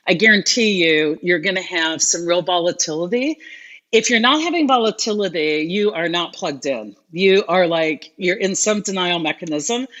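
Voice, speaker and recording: A woman's voice: medium pitch, fairly bright tone. Earnest woman coaching viewers live. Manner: earnest, encouraging, reads out viewer questions. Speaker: host. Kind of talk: live-stream coaching talk.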